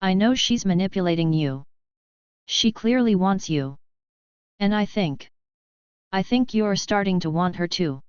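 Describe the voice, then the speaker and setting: A woman's voice: mid-range voice, animated, unhurried, long pauses, darkish tone, smooth, dry recording, close to an everyday voice. A woman reading a story, voicing a heartbroken young woman who pleads tearfully with her husband, on a dull lo-fi recording. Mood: bitter.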